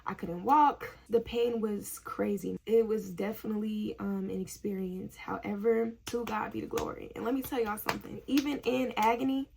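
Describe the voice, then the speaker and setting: A woman's voice: medium pitch, steady tone, moderate pace, vocal fry, hardly any pauses, darkish tone, a little hiss or hum. A young woman, a nursing student, telling a story in casual vlog chat, chatty and laughing often.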